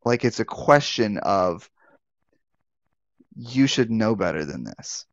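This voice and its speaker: A male pastor teaches from the Bible in a relaxed, conversational way. He often restarts his phrases and asks his listeners questions. His voice has a gravelly edge, and the recording is dry and somewhat muffled. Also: fairly low pitch, slow, no echo. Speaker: pastor and life coach. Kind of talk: live online Bible teaching.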